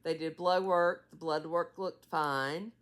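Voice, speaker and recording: Woman in her sixties, deep-ish and unhurried, rambling caregiver update with a sleepy edge. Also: fairly even intonation. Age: 60s. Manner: rambling, many fillers and trailing asides. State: tired, yawning. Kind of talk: casual vlog update.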